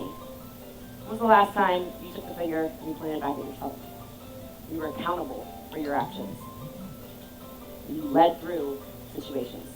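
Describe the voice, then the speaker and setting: A woman's voice: lowish voice, darkish tone, rough recording. Emphatic woman giving a motivational talk. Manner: emphatic, fires rhetorical questions at the audience. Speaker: business coach. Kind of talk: motivational speech.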